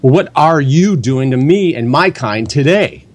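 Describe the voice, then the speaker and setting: A man's voice: mid-range voice, lively intonation, measured pace. A man arguing as a guest in a heated debate, combative and dismissive.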